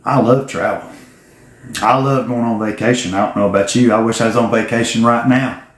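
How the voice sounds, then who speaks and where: A man's voice: mid-range voice, fairly even intonation, fairly quick. Profane man in a roomy space. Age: 40s. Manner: blunt and profane, folksy. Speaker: vlogger. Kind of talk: casual storytelling to camera. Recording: roomy echo.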